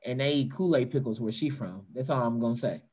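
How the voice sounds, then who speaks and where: Animated man telling a profane story. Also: a little fast. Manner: animated, profane, mimics voices in a high pitch. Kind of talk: stand-up storytelling.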